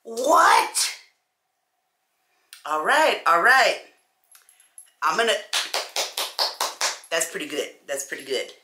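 A woman chats to camera in an animated, conversational way, calling her viewers y'all. Her voice sits a little low but sounds bright and forceful. The room is echoey around her. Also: a little slow, long pauses. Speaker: beauty vlogger. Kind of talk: casual chat to camera.

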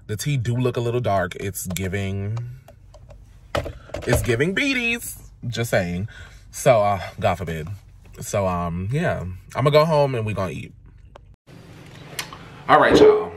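Sassy, dramatic man vlogging food. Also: background noise. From Jamaica. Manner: dramatic, sassy and expressive, swinging between loud exclamations and low asides. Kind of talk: casual chatty vlog. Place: in a car, out and about, then at home. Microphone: handheld camera or phone.

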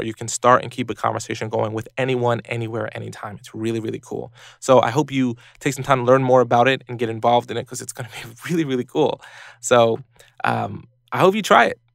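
A man hosting a podcast, giving casual advice in an animated way and acting out other people in high voices. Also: creaky, dry recording, clean studio sound. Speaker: podcast host.

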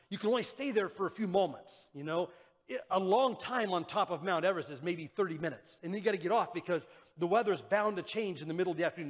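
A man preaching a sermon as pastor, in a conversational way, acting out the voices he quotes. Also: sits high. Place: church. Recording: church sanctuary with long reverb.

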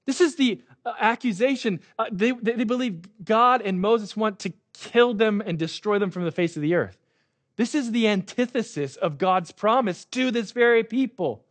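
A man's voice: sits high, moderate pace. A man preaching a sermon as pastor, conversational and often checking in with "right?".

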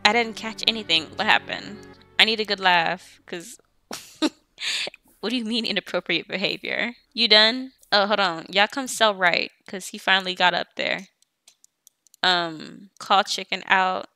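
A woman's voice: mid-range voice, unhurried, pushed and bright, dry recording, soft background music. A woman casually commenting on her gameplay. She chats in loose, slangy speech while bossing and teasing her game characters. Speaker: let's play host.

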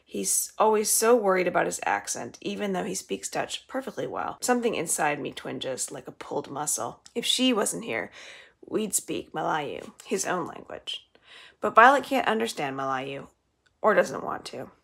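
Woman librarian reading aloud, storybook delivery; low, husky voice. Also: big pitch swings, normal speed, fairly bright tone.

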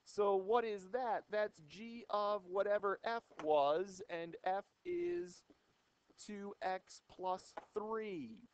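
A man's voice: sits high, expressive, slow, muffled recording, a little hiss or hum. A young male math teacher giving a jokey, playful lecture to a classroom of students on an old microphone. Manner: playful, wisecracking, theatrical.

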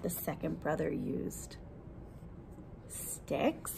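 A woman reading a picture book aloud to preschoolers as their teacher, gently asking questions and encouraging the children. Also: low voice, very animated, drawn-out words, vocal fry, noisy background. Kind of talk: storytime read-aloud.

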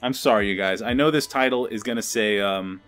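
A man's voice: lowish voice, a little fast, a bit bright. A young man commenting on his own card game as he plays, often swearing and ranting in frustration. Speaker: gameplay video creator. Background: faint background music.

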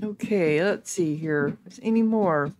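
A woman playing a video game and reading its text aloud, thinking out loud casually with hums and ums. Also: on the low side, unhurried, slight background noise. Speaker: gaming video creator.

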